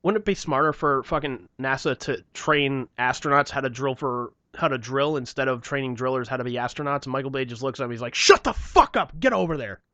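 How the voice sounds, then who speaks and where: A man's voice: mid-range voice, steady tone, fairly quick, few pauses, pushed and bright, dry recording. A young man co-hosting a casual podcast chat, swearing freely and acting out the people in his stories. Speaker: podcast co-host. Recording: dull lo-fi podcast mic.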